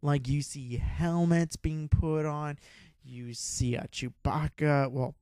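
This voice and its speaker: A young man hosting a podcast, telling a rambling, excitable story with a lot of swearing and laughter. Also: fairly high pitch, takes it slowly, smooth, no room sound. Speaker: podcast host. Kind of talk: casual storytelling.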